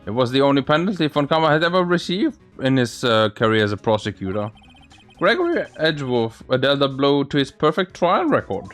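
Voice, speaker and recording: A man's voice: mid-range voice, big pitch swings, fairly quick, natural voice. A man voicing an old man who talks in an old-fashioned way, calling people my dear and me boy, over faint game music. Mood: earnest.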